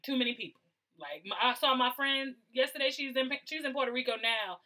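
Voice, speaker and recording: Bright, chatty woman podcast co-host. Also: high voice, fairly quick, poor audio. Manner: chatty, apologetic, storytelling. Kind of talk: casual chat.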